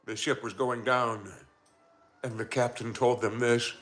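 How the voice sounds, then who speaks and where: A man's voice: mid-range voice, little pitch movement, moderate pace, bright, forceful tone. A man hosting a live stream, telling a suspenseful story with dramatic narration and chatty asides to his viewers. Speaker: storyteller and channel host.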